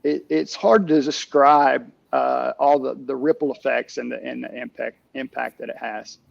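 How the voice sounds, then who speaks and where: A middle-aged man, a camp director, telling stories in a casual interview, halting with many restarts and fillers. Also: medium pitch, steady tone, creaky, dry recording, highs cut off.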